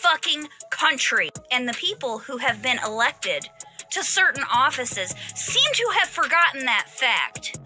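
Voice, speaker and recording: A woman's voice: high voice, sharp tone. A woman delivering an angry, profane political rant, hammering her words with heated emphasis. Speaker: political commentator.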